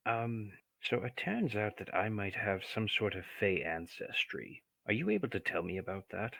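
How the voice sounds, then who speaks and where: A man's voice: lowish voice, sing-song, normal speed, vocal fry, sharp tone, no room sound, heavily acted. A man voicing a barbarian who asks hesitantly and cautiously. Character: young barbarian with fey ancestry.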